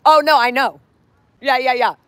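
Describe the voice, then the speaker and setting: A woman vlogging outdoors at a street protest, shouting slogans and then chatting in a strained voice. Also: high-pitched, fairly even intonation, moderate pace, no room sound. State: voice strained, headache after hours of shouting. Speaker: vlogger protesting outside a building. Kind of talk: shouted street protest and casual chat to camera.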